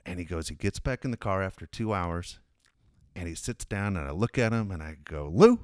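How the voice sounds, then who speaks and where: A man's voice: low-pitched, big pitch swings, a little fast, a little mellow, no room sound, clean studio sound. A man in casual chat, telling a long, profane family anecdote in a rambling way.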